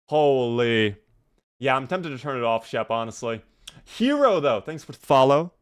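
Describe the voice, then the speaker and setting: A man streaming a game live, commenting in an animated, jokey way and talking to his chat. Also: medium pitch, normal speed, slight background noise.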